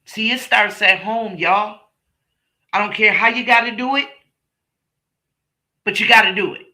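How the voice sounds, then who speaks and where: Sharp-voiced blunt woman streamer. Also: mid-range voice, steady tone, unhurried, long pauses. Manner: blunt, profane, emphatic storytelling. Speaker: streamer host. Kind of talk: casual monologue to viewers.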